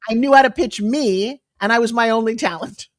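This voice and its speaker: Lively storytelling woman. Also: a little high, a little fast. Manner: lively, confiding, acts out quotes, trails into whispers. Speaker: guest. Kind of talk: animated storytelling chat.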